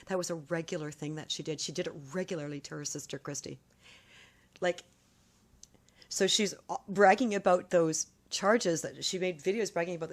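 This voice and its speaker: A woman's voice: on the low side, vocal fry. A woman in a casual vlog, telling a long story in an emphatic, accusatory way, often repeating her points. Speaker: vlogger.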